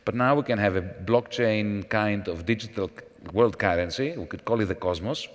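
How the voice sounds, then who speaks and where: A man speaking as a panel guest at a conference, in a measured, professorial manner with false starts. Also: lowish voice. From Greece. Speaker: panel guest, former finance minister. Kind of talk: onstage panel conversation. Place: large conference hall. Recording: long hall reverb.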